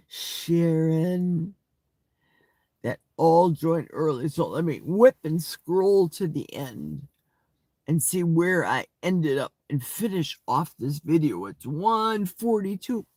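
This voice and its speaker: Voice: medium pitch, darkish tone, no room sound. An older host chatting playfully on a live stream, reading viewer comments aloud with gasps and sing-song asides. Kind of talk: casual live chat.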